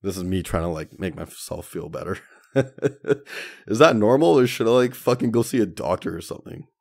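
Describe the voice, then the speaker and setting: A man's voice: low-pitched, fairly quick, creaky, a little mellow. A young man hosting a solo podcast, telling stories in a slangy, profane way and calling listeners dude and man. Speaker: podcast host. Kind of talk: casual solo podcast monologue.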